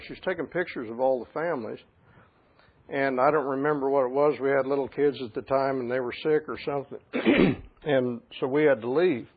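A man preaching a sermon as a pastor, shifting between quiet storytelling and loud, emphatic passages. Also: mid-range voice, husky. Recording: tinny phone-like sound.

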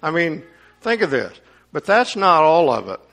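A man's voice: fairly high pitch, big pitch swings, normal speed, vocal fry, a bit bright. A man preaching a sermon, reading scripture aloud and commenting on it with rising emphasis.

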